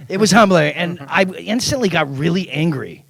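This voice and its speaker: A middle-aged man, an actor at a convention panel, telling anecdotes in an animated way, acting out quoted lines and laughing often. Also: a little high, normal speed, creaky, crowd noise.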